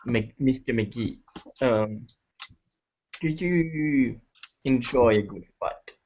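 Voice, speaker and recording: Man voicing a very slow, formal vampire plotter, lo-fi call sound. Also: medium pitch, a little mellow. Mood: measured. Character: calm, scheming male vampire. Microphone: video call. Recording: lo-fi video call audio.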